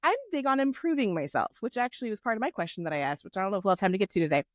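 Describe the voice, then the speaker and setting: A woman co-hosting a tabletop gaming podcast, telling stories in animated, chatty casual talk. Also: mid-range voice, racing, no echo, clean studio sound. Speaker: podcast co-host and game master. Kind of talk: casual chat.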